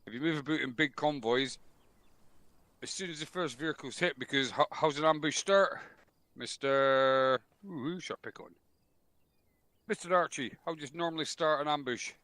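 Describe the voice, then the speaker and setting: A man's voice: on the high side, normal speed, pushed and bright, no room sound. Casting: man, game-unit instructor, blunt and sweary with jokes, headset voice chat, dry sound. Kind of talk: military briefing in a game.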